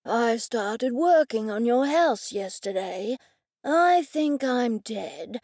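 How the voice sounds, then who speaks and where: The ghost of a builder , as a woman narrator puts him on, speaks in a slow, flat, bewildered way. The voice sits fairly high. It is recorded close and dry. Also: no echo, heavily acted. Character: dazed ghost of a male builder.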